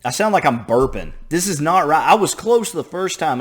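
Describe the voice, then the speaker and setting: Lively male reaction host, eager and self-mocking, pitch swings a lot. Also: moderate pace, breathy edge. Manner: excitable, self-deprecating. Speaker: video host reacting to a lesson. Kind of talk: casual reaction commentary.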